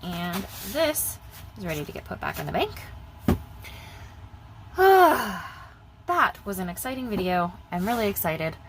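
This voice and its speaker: Chatty young woman with a lowish voice. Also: sing-song, brisk, background noise. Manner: chatty, rambling, repeats herself. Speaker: budgeting vlogger. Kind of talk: casual vlog chat.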